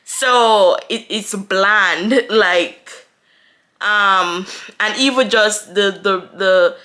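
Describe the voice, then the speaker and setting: A woman's voice: mid-range voice, bright, forceful tone. A young woman from Jamaica with a Jamaican accent, chatting casually to the camera and answering viewer questions, laughing often. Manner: chatty, laughs often, quick with playful asides. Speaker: vlogger. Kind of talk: casual Q&A vlog.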